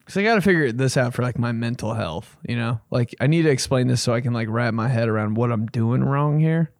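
A man hosting a comedy podcast, riffing in a casual, animated way and swearing freely. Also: mid-range voice, brisk, no echo, clean studio sound.

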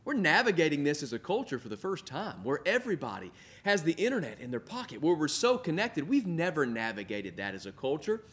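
A middle-aged man preaching with a voice pitched a little above the usual male range. He builds his points through repetition, leans on key words by drawing them out, and speaks as if addressing viewers directly through the camera from an indoor room. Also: sing-song, a bit bright. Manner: earnest preaching with emphatic repetition, slowing for stress. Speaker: pastor. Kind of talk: sermon. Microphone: filmed for online viewers.

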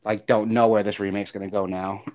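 A man's voice: lowish voice, normal speed. Rambling young man, lo-fi audio. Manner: rambling, animated, swears casually. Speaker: podcast co-host. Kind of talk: casual gaming chat. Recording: dull lo-fi audio.

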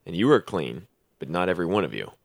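Low-voiced man reading scripture aloud. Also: quick pace, vocal fry, no room sound. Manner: plain, steady reading with brief replies. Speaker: podcast co-host reading scripture.

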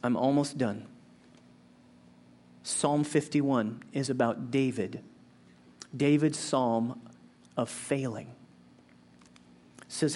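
A man preaching a sermon as pastor, earnest and conversational, swinging between raised, driving stretches and quiet, slow reflection. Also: mid-range voice. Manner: earnest, conversational delivery with frequent restarts.

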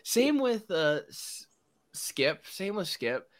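A man's voice: sits high, big pitch swings, takes it slowly. A man hosting a casual sports podcast, ranting with strong opinions and frequent laughs. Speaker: podcast host.

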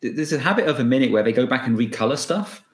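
A man guesting on a podcast, talking in a relaxed, rambling way about a comic book. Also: medium pitch, very fast, echoey room. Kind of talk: casual podcast chat.

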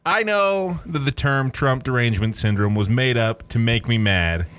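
A man's voice: mid-range voice, moderate pace, a bit bright, a little hiss or hum. A man co-hosting a casual podcast, venting with exasperation. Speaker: podcast co-host.

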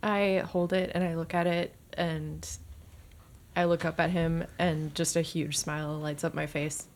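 A woman's voice: low-pitched, little pitch movement, measured pace. A woman describing her character's actions as a player in a tabletop game, casually and with fillers. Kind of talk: tabletop role-play.

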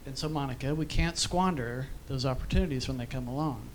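A man's voice: medium pitch, brisk, slight background noise. A man giving an informal church teaching, telling stories in a chatty way with many asides. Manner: storytelling, conversational with fillers and asides. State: briefly emotional, choked up.

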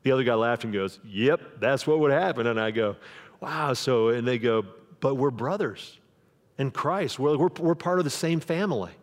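A man's voice: mid-range voice, moderate pace. A man preaching a sermon as pastor, in a conversational way, acting out the quoted voices of the people in his stories. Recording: long hall reverb.

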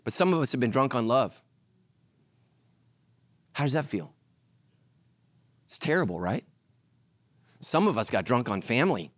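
Lively storytelling male pastor. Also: mid-range voice, measured pace, pauses often, no echo. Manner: animated storytelling, acts out voices. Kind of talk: sermon.

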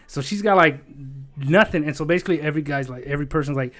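A man's voice: fairly high pitch, quick pace, a bit bright. A man in casual chat, telling a long rambling story with lots of swearing, fillers and emotion.

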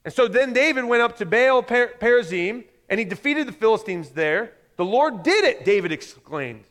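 A man's voice: high voice, expressive, moderate pace, fairly bright tone. A man preaching a conversational sermon, often acting out quoted voices as he speaks. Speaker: pastor. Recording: reverberant hall.

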